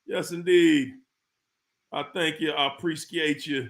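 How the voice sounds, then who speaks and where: A man's voice: a little high, fairly even intonation, measured pace, gravelly, a bit bright. A man hosting a livestream who greets viewers by name, hyped and whooping now and then. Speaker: livestream host. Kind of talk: live chat shout-outs.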